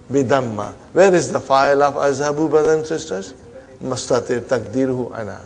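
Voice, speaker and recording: A man teaching an Arabic grammar class, coaxing students along, drilling terms slowly and checking they follow. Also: medium pitch, animated, gravelly. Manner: coaxing, repeats "huh?" and "are you with me" to check students.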